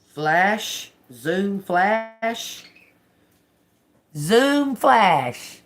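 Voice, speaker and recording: Female tarot reader on a live stream; drawn-out, gravelly delivery, casual and musing. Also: low voice, expressive. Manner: slow, musing, repeats words as she reads them out; casual, swears and laughs to viewers.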